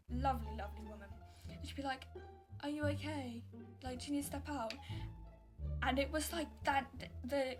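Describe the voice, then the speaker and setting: A young woman, telling stories and reacting in a chatty, exasperated way, full of "like". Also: high voice. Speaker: YouTuber. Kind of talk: casual storytelling and reacting. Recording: music playing underneath.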